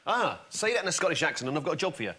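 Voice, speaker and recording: A man's voice: a little high, sing-song, very fast, heavy background noise. A man firing off teasing wisecracks as a regular panelist on a comedy panel show. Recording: live studio with loud audience laughter.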